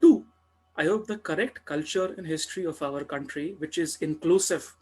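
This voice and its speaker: A young man with an Indian accent, speaking on a webinar panel in an animated way, slipping Hindi into his English and repeating words for emphasis. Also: on the high side, moderate pace, husky.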